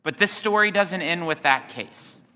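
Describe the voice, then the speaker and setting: A man's voice: fairly high pitch, animated, unhurried, bright, forceful tone, long reverb tail. A man chairing a committee hearing, reading a formal opening statement from prepared remarks at a desk microphone in a large hearing room.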